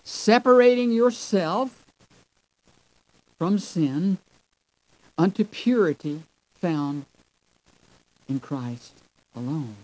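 A male preacher delivering a sermon at an unhurried, deliberate pace. He stretches key words, then swells abruptly louder to drive a point home, and calls out to his listeners as folks and friends. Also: a little high, animated, no room sound, low-quality recording. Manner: emphatic, drawn-out phrases with sudden swells in loudness; addresses the audience as folks and friends.

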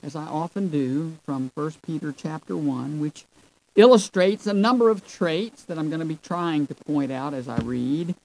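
A man's voice: on the high side, lively intonation, normal speed, vocal fry, a little mellow, poor audio. A man preaching a sermon, drawing out his phrases, swelling suddenly in volume for emphasis, and calling his listeners folks and friends. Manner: addresses the audience as folks and friends.

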